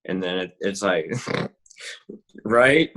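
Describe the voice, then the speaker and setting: Laid-back man with a lowish voice. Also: animated, takes it slowly, fairly bright tone, low-quality recording. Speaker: podcast host. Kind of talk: casual chat.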